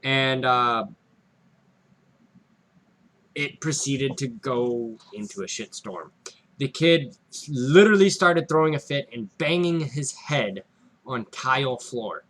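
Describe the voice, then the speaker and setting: This young man, co-hosting a relaxed podcast chat, has an expressive, unhurried, slightly bright voice at medium pitch. He narrates a story with profanity, his voice spiking suddenly as he acts things out.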